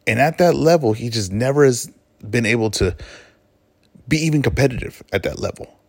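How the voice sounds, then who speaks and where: A podcast host of Mexican heritage delivers a solo monologue about fights, emphatic and opinionated, often correcting himself mid-sentence. His medium-pitched voice is animated, a little fast, creaky, and slightly mellow, with no room sound.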